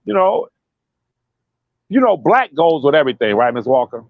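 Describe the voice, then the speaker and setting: A man talks in a casual commentary chat, emphatic and profane. His voice swings widely in pitch and sits a bit high. The sound is dry and a little dull, like a lo-fi recording. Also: very animated, normal speed, dry recording.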